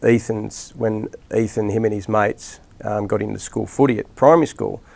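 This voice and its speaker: Speaking at normal speed in a lowish, steady, darkish voice with vocal fry, this middle-aged Australian man coaches rugby league. In a casual interview he tells rambling stories, often restarting and using fillers.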